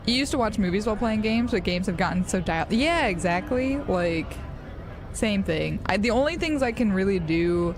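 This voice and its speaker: Giggly, gravelly American woman streamer. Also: mid-range voice, lively intonation, normal speed, noisy background. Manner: rambling, giggly, lots of fillers. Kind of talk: casual live-stream chat while gaming.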